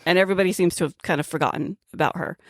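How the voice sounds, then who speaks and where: Chatty woman co-host with lowish voice. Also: rapid-fire, no echo, clean studio sound. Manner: chatty, hesitant with "um" and "like". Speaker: podcast co-host. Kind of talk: casual chat recapping a film.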